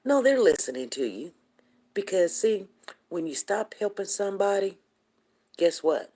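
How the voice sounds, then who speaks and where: A woman's voice: medium pitch, sing-song, measured pace, mellow. A woman hosting a casual livestream, rambling chattily and talking straight to her viewers. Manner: greets viewers from the chat by name. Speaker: livestream host.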